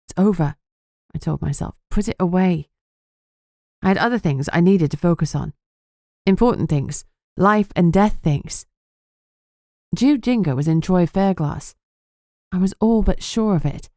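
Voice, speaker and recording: A woman narrating a first-person audiobook in an earnest, steady manner. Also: fairly low pitch, moderate pace, dry recording, clean studio sound.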